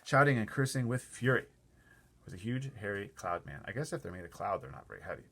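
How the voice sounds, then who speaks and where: Lively man reading a storybook aloud. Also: on the low side, fast, vocal fry, slight background noise. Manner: animated, chatty asides to listeners. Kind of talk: reading a children's book aloud with asides.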